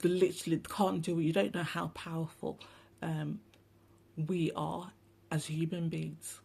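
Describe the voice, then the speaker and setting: A woman talks to her followers in a loose, rambling spiritual monologue. Her voice is gravelly and husky with a mellow, dark tone. She is blunt, sweary and sarcastic. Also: low-pitched, flat delivery, measured pace. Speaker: spiritual channel host.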